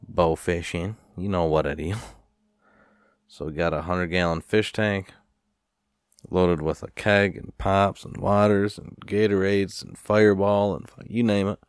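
Deep-voiced man ranting casually. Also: fairly even intonation, measured pace, smooth, dry recording, studio quality. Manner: rambling, profane, sighing. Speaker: vlogger. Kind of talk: casual storytelling rant.

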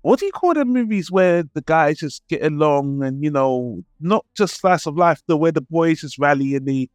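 A man's voice: fairly high pitch, lively intonation, normal speed, smooth, no room sound, clean studio sound. A man with a British accent, co-hosting a film podcast in a laid-back, casual chat that is peppered with swearing. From Britain. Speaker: podcast co-host.

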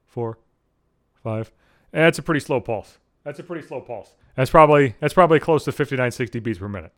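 Fast, animated, swearing man ranting. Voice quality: heavy swearing, lots of "like" fillers. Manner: animated ranting with sudden jumps in pitch. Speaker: vlogger. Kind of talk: profane ranting monologue.

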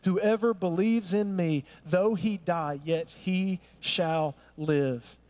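A man voicing a calm, solemn male teacher who speaks quietly and earnestly in a fairly high voice. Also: slow pace.

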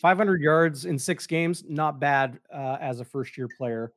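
Steady, measured man breaking down stats. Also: a little high, dry recording. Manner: measured, steady, fills with "uh" and "you know". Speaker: podcast co-host, analyst. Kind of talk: casual sports analysis.

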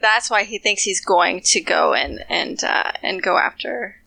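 Woman guest, bright voice, dry close sound, easygoing book chat. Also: medium pitch, expressive, a little slow, creaky, dry recording, poor audio. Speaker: podcast guest. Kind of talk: casual book discussion.

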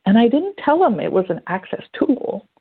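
A woman's voice: a little high, moderate pace, husky. A woman talking casually in an interview, telling stories and acting out quotes as she goes. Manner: chatty, animated storytelling with acted-out quotes. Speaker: guest. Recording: phone-like narrow band.

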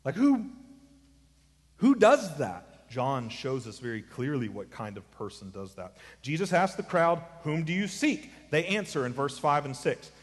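Man preaching, fairly high voice, casual asides, emphatic swings, long reverb. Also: big pitch swings, unhurried. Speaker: pastor. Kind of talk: sermon.

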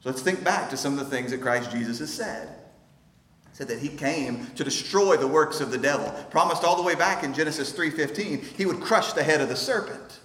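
A man preaching a sermon as pastor, earnest and emphatic, slowing down to stress key phrases. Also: on the high side, a bit bright. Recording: roomy hall with long reverb.

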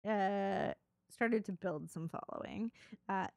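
A young woman co-hosting a podcast, telling history in a jokey, animated way with frequent laughter. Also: mid-range voice, takes it slowly, creaky, no room sound, studio quality. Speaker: podcast co-host. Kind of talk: casual chat.

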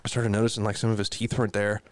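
A man's voice: on the low side, little pitch movement, racing, no echo. A young adult man telling a rambling, profane anecdote in casual chat.

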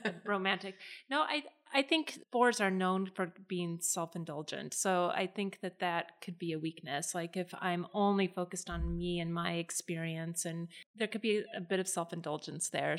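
A woman's voice: fairly low pitch, creaky. A woman co-hosting a podcast, speaking reflectively and thoughtfully, laughing easily. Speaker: podcast co-host. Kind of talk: casual podcast chat.

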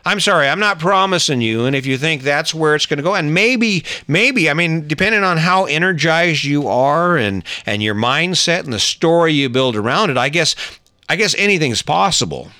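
Brief: middle-aged man, earnest relationship talk, bright tone, dry close sound. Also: fairly high pitch, animated, moderate pace, dry recording. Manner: earnest, conversational, with frequent restarts and asides. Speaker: relationship advice speaker. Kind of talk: personal storytelling and advice monologue.

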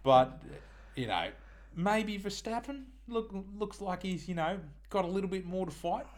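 Relaxed Australian co-host who laughs along in sports banter. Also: male voice, high voice, a little slow. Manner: laid-back, laughs along. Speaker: podcast co-host.

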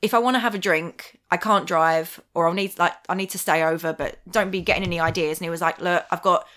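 A woman chatting casually, an animated storyteller who acts out what people said and laughs often. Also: on the low side, fast. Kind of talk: casual chat.

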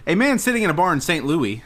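A man's voice: fairly high pitch, slight background noise. A man hosting a casual podcast quiz, reading out headlines and multiple-choice answers with silly rhyming intros and joking with his friends. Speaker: quiz host.

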